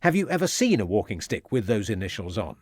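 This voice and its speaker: A man doing a shrewd, stern inspector grilling a suspect in an audiobook. He presses firmly and threatens with steady authority, his pitch rising and falling with emphasis. The recording is dry and close. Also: fast talker, slightly rough, no room sound. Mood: stern, pressing. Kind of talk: audiobook character voice.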